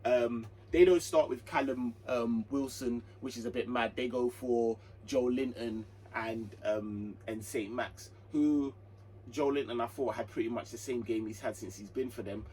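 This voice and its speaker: A man's voice: mid-range voice, steady tone, a little slow, warm tone. A young man giving a casual, rambling football match review, full of slang, fillers and restarts. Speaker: football channel host. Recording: slightly distant mic with faint hum.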